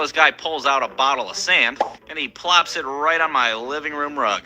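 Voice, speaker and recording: A man's voice: mid-range voice, poor audio. A man telling profane comic stories on stage, ranting and acting out people in raised voices. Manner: rants loudly, acts out people in raised voices. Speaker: stand-up comedian.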